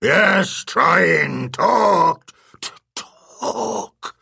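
A man voicing a man-sized alien beast that speaks in broken, halting phrases. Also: a little high, expressive, vocal fry, pushed and bright, breathy edge, no echo, studio quality, pitched above the performer's own voice, full character voice.

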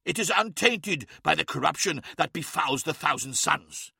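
A hot-tempered barbarian warlord barks his words with a gravelly bite, as a man puts him on for an audiobook. The delivery is loud and angry, and the sound is close and dry. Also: fairly high pitch, animated, moderate pace, no echo, pitched above the performer's own voice, full character voice. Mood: scornful.

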